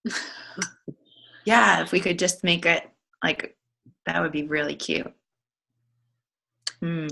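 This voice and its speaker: A woman's voice: on the low side, slow, vocal fry, long pauses, bright, forceful tone, slight background noise, low-quality recording. A woman leading a casual online team call, chatty and giggly, with plenty of fillers. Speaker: team leader hosting a coaching call. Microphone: online group call.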